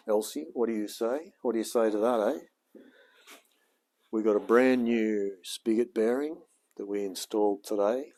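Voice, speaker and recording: A man's voice: fairly low pitch, unhurried, a little mellow. A man in his forties with an Australian accent, chatting and muttering to himself as he works on a car in a home garage. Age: 40s. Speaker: home mechanic vlogger. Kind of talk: casual self-talk while working.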